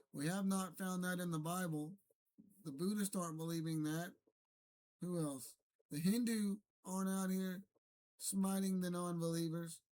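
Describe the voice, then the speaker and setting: A man's voice: a little high, darkish tone. A man talking alone to camera in an unscripted, argumentative monologue, rambling and correcting himself as he goes. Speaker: streamer. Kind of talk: unscripted solo rant to camera.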